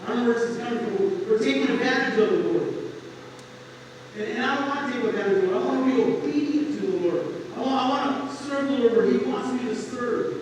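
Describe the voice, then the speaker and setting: A man's voice: very high-pitched, fast talker. A middle-aged man preaching an informal sermon in a church, earnest and conversational with homey humor. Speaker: pastor. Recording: echoey hall, voice from far off, faint noise.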